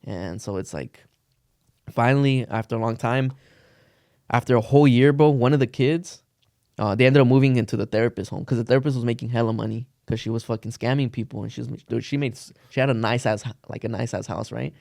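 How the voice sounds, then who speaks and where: A man's voice: medium pitch, fairly quick, gravelly, a little mellow, no room sound, studio quality. A young man casually telling a long story on a podcast, rambling with lots of "like" and cursing slang. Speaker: podcast co-host.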